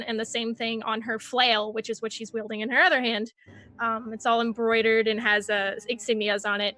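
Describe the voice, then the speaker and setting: A woman with a bright, somewhat high voice describes her character and her moves in a halting, hesitant way. Faint music plays underneath. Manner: hesitant, halting, many fillers. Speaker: player. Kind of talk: casual tabletop play.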